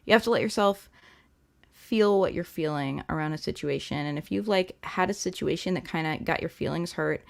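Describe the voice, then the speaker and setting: Gentle gravelly-voiced woman reading tarot. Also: low voice, moderate pace. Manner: gentle, chatty, many fillers. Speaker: tarot reader and livestream host. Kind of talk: live-stream tarot reading.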